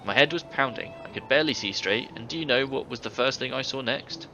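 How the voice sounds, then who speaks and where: A man's voice: medium pitch, fairly quick, faint music behind, natural voice. A man voicing a boastful middle-aged ex-thief. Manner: boastful, hearty storytelling. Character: older male ex-thief, boisterous tavern storyteller. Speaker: game character. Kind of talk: video game voice acting. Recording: dull game audio with faint hiss.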